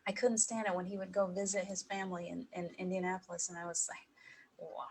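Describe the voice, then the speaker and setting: A middle-aged woman giving a heartfelt personal talk to an audience, emotional and pausing, with soft laughs. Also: lowish voice, flat delivery, breathy edge, rough recording. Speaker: speaker at an evening talk.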